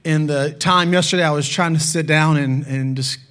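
A man's voice: fairly high pitch, steady tone, moderate pace, fairly bright tone, clear, resonant tone. A young male pastor preaching, telling candid, self-deprecating stories from home life. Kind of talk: sermon.

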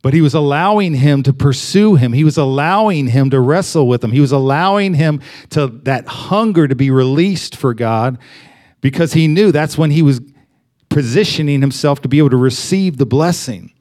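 A man's voice: on the high side, animated, moderate pace, a little mellow. A young adult man giving a sermon in a loose, conversational way, full of fillers and restarts. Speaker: pastor.

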